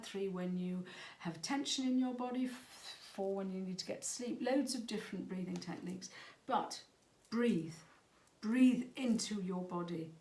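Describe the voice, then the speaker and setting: A woman's voice: medium pitch, darkish tone. A middle-aged woman, talking to parents as a parenting coach in an earnest, conversational way that sometimes stumbles over words. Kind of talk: talk to parents. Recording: echoey room.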